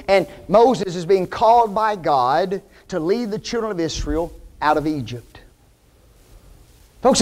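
A man preaching a sermon to his congregation, emphatic and fond of rhetorical questions. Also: sits high.

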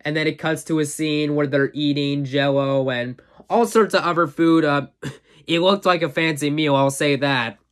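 Rambling, enthusiastic man with a higher voice. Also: steady tone, normal speed, a bit bright. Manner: rambling plot recap, full of "uh" and "you know"; enthusiastic fan, chuckles often. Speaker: movie reviewer. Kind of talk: casual spoken movie review.

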